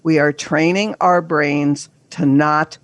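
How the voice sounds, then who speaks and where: An older woman, a therapist and coach, speaks slowly in a low voice with fairly even intonation as a guest on a podcast. Her tone is earnest and emphatic, like a coach, and she sometimes acts out inner voices in quotes. The recording is dry.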